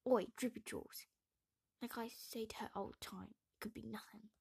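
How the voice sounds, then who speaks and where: A woman reading the part of a joking grown man who teases his friends, in a loud half-whisper. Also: fairly high pitch, steady tone, normal speed, vocal fry, husky, dry recording, full character voice.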